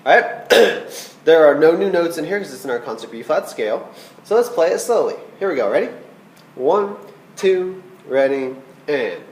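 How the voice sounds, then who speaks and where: A man's voice: a little high, expressive, a little fast, reverberant, background noise. A man teaching a recorded flute lesson, patient and checking in with "okay?" as he explains. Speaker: band teacher.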